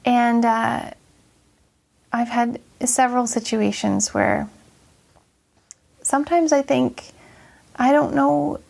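A woman's voice: fairly high pitch, fairly even intonation, slow pace, gravelly, long pauses, a little mellow. A woman nurse earnestly sharing a personal faith story in a casual chat, reflective and full of fillers.

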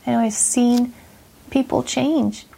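Gravelly, husky woman telling a faith story. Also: fairly high pitch, fairly even intonation, slow pace, mellow. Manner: earnest, reflective, many fillers. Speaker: nurse sharing faith testimony. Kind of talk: personal storytelling in a faith chat.

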